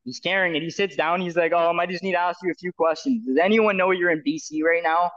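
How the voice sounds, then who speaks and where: Canadian man, rambling casual storyteller, slightly high voice, muffled recording. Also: fairly even intonation, quick pace, fairly bright tone. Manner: rambling, many fillers and restarts, acts out quoted voices. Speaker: guest telling his story.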